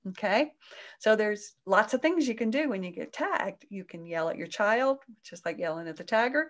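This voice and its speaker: Woman explaining parenting stuff in an interview, gentle and soothing, does voices that jump way up in pitch. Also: animated, moderate pace. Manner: acts out quoted voices with big pitch jumps. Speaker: parenting coach guest.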